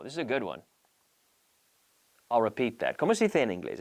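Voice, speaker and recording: Animated, playful male language teacher. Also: on the low side, moderate pace, pauses often. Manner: lively, playful, acts out little scenes. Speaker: English teacher and show host. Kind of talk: bilingual language lesson.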